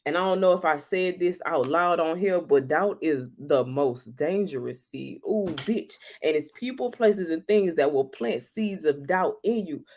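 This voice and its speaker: Animated, profane woman talking astrology. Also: fairly low pitch. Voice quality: profane, animated, laughs often. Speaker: astrology talk host. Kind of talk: casual astrology talk.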